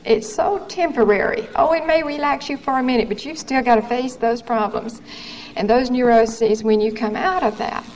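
Woman, 30s, earnest testimony, higher voice, faint noise on a 1970s recording. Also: moderate pace, a little mellow, rough recording. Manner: earnest, candid storytelling with quoted dialogue. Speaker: testimony speaker. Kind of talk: personal testimony.

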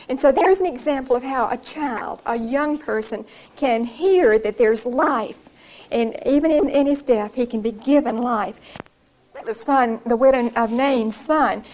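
Lady teaching bible study in a church, high voice, earnest, keeps repeating herself. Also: a little mellow, low-quality recording. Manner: earnest, repeats phrases, conversational asides.

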